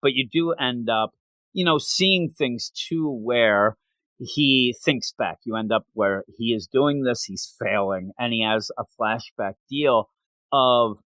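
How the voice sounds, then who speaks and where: A podcast host with a mid-range voice speaks slowly while recapping a manga chapter in a casual chat. He acts out the characters in silly voices with animated storytelling; the recording has no room sound.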